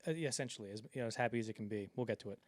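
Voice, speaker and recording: A man's voice: on the low side, very fast, no echo, clean studio sound. A man co-hosting a film podcast in casual chat, rambling with lots of fillers and acting out the quotes he retells. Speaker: podcast co-host.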